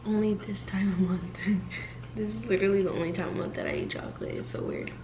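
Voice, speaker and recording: A woman's voice: mid-range voice, fast talker, roomy sound, distant mic, noisy background. Laid-back young woman vlogging at home. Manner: laid-back, laughing, slangy. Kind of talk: casual vlog chat.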